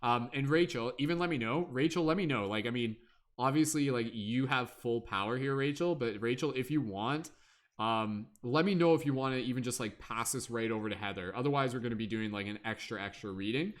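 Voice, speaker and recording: A man's voice: mid-range voice, brisk. Chatty man hosting a livestream. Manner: chatty, playful, hums and scats while waiting. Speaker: livestream host. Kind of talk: casual livestream chat.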